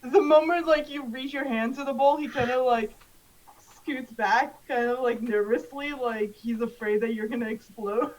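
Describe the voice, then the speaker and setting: A woman's voice: a little high, moderate pace, low-quality recording. A young woman narrating as game master of a tabletop game, laughing often and using many fillers.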